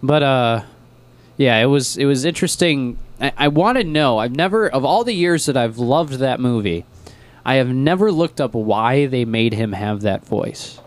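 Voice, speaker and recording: A man's voice: mid-range voice, expressive, normal speed, no echo. A young man co-hosting a radio show, chatting casually in a rambling, joking way with lots of fillers. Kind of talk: casual chat.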